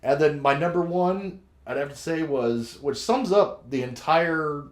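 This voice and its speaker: A man's voice: on the high side, unhurried, reverberant. A man co-hosting a casual podcast chat, gushy and emotional, who swears freely. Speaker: podcast co-host.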